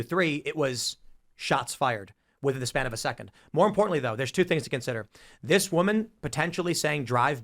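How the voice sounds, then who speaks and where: A man debating on a podcast, talking at a breakneck clip. His voice sits a little high for a man. He is insistent and keeps interrupting to press his case. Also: fairly bright tone. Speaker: podcast host. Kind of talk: heated debate.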